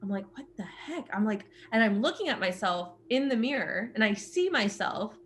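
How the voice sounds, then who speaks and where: A woman's voice: mid-range voice, normal speed, slight background noise. A young woman co-hosting a podcast, telling a funny personal story in casual chat and laughing as she goes. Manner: animated, laughs while telling stories. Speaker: podcast co-host.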